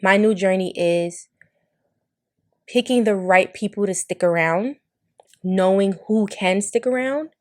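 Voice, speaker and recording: A young adult woman hosting a podcast, talking candidly and emotionally with blunt language and frequent swearing. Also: medium pitch. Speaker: podcast host. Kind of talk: candid monologue.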